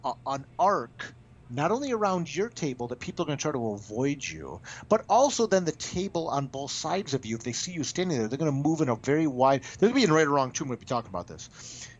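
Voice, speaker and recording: Man, comic writer guest, lively storyteller, restarts a lot, lo-fi muffled audio. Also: fairly high pitch, brisk. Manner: animated, frequent restarts and stammered repeats. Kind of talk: casual interview storytelling. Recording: dull lo-fi audio.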